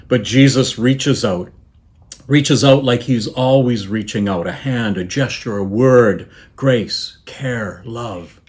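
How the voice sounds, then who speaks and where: Measured, reflective man preaching a sermon. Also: on the low side. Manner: measured, reflective preaching with pauses and softly trailing phrases. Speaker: bishop preaching.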